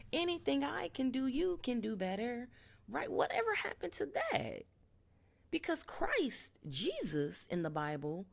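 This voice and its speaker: A woman's voice: mid-range voice, creaky. A woman vlogger giving an unscripted spiritual monologue at home, emphatic and profane, often dropping into whispers. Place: home with a TV nearby.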